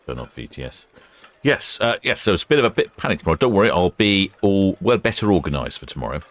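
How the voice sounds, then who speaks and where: A man with a very deep voice gives relaxed live commentary. He rambles from thought to thought and fills the gaps with plenty of uhs. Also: fast, a little hiss or hum. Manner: chatty, rambling, with many fillers. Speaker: ship-watching livestream host.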